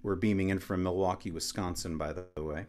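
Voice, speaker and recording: A man performing for children, introducing his songs in a calm, encouraging, friendly way during a virtual show. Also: sits low, a little fast. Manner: calm, encouraging, speaking to kids. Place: home studio, broadcasting virtually.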